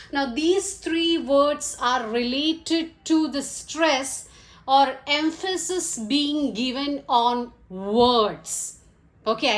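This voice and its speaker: A woman teaching English vocabulary, listing words one by one in a slow, deliberate way. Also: sits high. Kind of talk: vocabulary lesson. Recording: echoey room.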